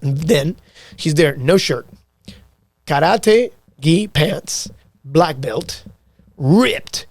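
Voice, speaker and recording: A man's voice: medium pitch, no room sound. A man from Argentina, a podcast guest, telling a story in casual chat with lots of profanity, acting out the dialogue. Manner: animated, profane, acts out quoted dialogue.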